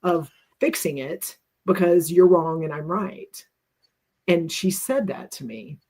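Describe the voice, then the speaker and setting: A woman's voice: fairly low pitch, lively intonation, slow, dark tone, husky. Earnest middle-aged woman sharing personally. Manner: earnest and reflective, restarts often. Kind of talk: candid personal storytelling.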